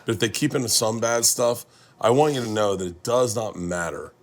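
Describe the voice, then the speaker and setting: A man's voice: on the low side, normal speed. A middle-aged man hosting a casual chat, telling road stories with friends and acting out what they said. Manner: animated storyteller, acts out quotes from friends. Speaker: host. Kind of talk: storytelling among friends.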